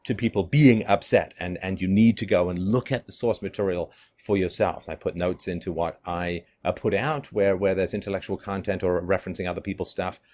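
A middle-aged man giving a monologue commentary, animated, often laughing and mimicking others in mocking quotes. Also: low-pitched, brisk, hardly any pauses, slight background noise.

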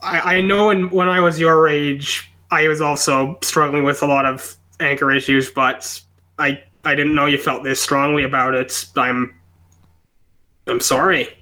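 Halting, hesitant young man, bright voice. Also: a little high, flat delivery. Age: 20s. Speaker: caller role-playing his father.

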